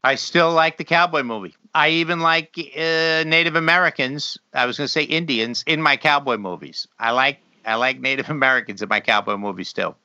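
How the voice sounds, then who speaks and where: A man's voice: mid-range voice, brisk, hardly any pauses, sharp tone, clean tone, no echo. A man in casual chat, talking in a laid-back, rambling way and chuckling between remarks. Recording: slightly dull lo-fi recording.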